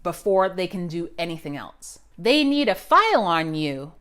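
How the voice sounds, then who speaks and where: A woman's voice: fairly low pitch, sing-song, moderate pace, a bit bright. A woman who writes resumes and coaches job seekers, giving a scripted video lesson in an upbeat, emphatic, punchy way.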